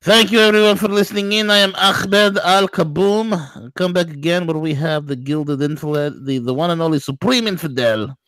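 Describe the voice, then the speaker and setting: A man's voice: on the high side, moderate pace, hardly any pauses, fairly bright tone, no room sound, close to an everyday voice, low-quality recording. A man putting on a grandiose, over-the-top announcer voice to sign off a radio talk show. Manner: grandiose, hyping.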